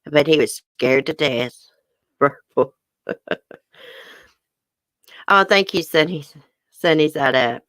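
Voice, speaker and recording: Low-voiced Southern woman chatting live. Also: takes it slowly, long pauses, fairly bright tone, no echo. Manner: chatty, laughs often, says y'all. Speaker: livestream host. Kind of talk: casual livestream chat with viewers. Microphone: webcam or phone close up.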